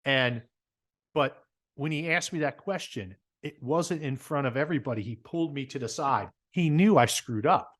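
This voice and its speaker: A man with a New Jersey accent, a guest telling stories in a casual interview, animated and repeating words as he talks. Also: medium pitch, normal speed. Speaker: guest, business owner.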